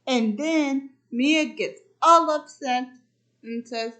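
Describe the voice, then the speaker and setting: A woman casually retelling a movie plot, halting with frequent restarts and fillers. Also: high-pitched, bright, forceful tone. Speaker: book and movie reviewer.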